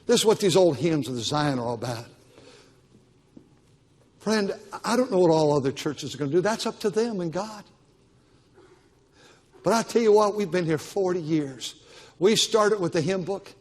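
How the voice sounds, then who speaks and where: An older male pastor delivers a Baptist sermon, pressing his points through emphatic repetition. His voice sits high for a man, and it rings out with the long reverb of a church auditorium. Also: lively intonation, normal speed, pauses often.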